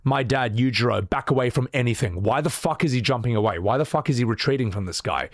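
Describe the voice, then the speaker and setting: A man's voice: mid-range voice, fast, no echo, close to an everyday voice. Guy doing a shocked young fighter, swearing, close dry sound. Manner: disbelieving, swearing. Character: young male fighter, stunned and cursing.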